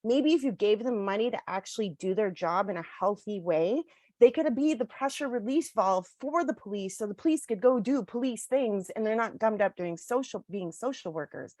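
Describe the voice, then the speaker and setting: A woman's voice: medium pitch, lively intonation, moderate pace, darkish tone, no echo. Casting note: Canadian woman, frontline worker, blunt and fired-up, mid-range voice, dry close sound. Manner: angry, blunt, lots of "like" and "you know". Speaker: frontline social services worker. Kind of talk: impassioned townhall speech.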